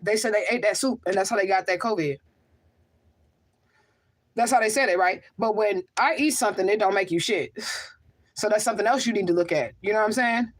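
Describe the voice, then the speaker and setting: A woman's voice: mid-range voice, fairly quick, pauses often. A woman hosting a casual livestream, reading viewer comments aloud and answering them in an emphatic, rhetorical way, often asking "okay?". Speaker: livestream host and spiritual medium.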